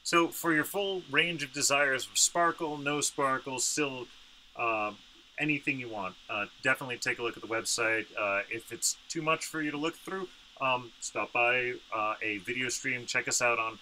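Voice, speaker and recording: A man's voice: medium pitch, normal speed, bright, forceful tone, a little hiss or hum, low-quality recording. A man co-presenting his yarn business, throwing in joking asides with lots of uhs. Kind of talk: casual product presentation. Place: home studio, indoors.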